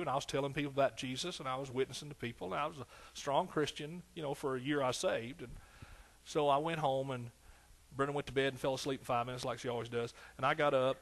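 A man's voice: mid-range voice, a bit bright. A man in his sixties with an East Texas accent, preaching a sermon with fervent exclamations and folksy storytelling. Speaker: pastor.

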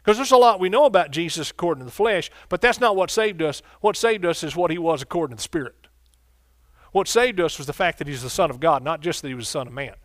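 A man's voice: on the high side, animated, quick pace, no room sound, clean studio sound. A man pastor preaching a sermon, often calling out questions to the congregation. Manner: preacherly call-and-response, asks congregation questions.

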